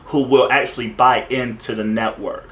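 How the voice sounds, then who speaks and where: A man's voice: medium pitch, fairly even intonation, normal speed, a bit bright. Laid-back man, stammering, muffled audio. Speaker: podcast co-host. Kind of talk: casual chat. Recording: dull lo-fi podcast audio.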